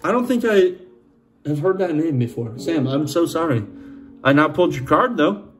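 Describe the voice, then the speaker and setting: Male host, Boston accent, slightly high voice, casual jokey pack-opening commentary. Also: animated, moderate pace, faint music behind. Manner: chatty, joking, talks to viewers as folks. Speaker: sports card channel host.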